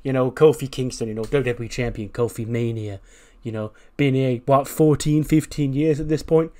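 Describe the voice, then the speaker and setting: A man putting on a cocky trash-talking male wrestler, swaggering and loud as he brags. He punches his boasts with extra volume in a middle-pitched voice. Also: steady tone, moderate pace, close to an everyday voice.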